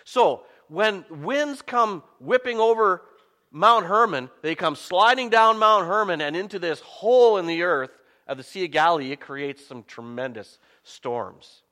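A man preaching a sermon as a pastor, telling the story in an animated way with self-mocking humor. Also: high voice, unhurried, long reverb tail.

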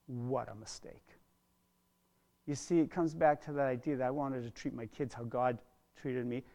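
A middle-aged man preaching a sermon as a pastor, earnest, dropping to a hush and then rising loud, often repeating words. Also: medium pitch, vocal fry. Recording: long hall reverb.

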